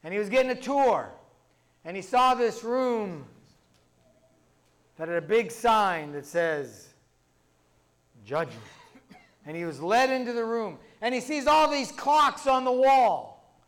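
High-voiced man telling sermon jokes. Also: expressive, a little slow, a bit bright. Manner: conversational storytelling, many "and" links. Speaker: pastor. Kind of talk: sermon with humorous stories.

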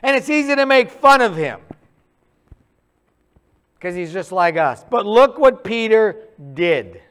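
A man preaching a sermon in a conversational, animated storytelling way, acting out quick asides. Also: sits high, clear, resonant tone.

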